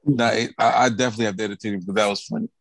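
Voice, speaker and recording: A man co-hosting a podcast, chatting casually in a lively, teasing way that often stumbles over repeated words. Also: on the low side, rapid-fire. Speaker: podcast co-host. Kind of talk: casual chat.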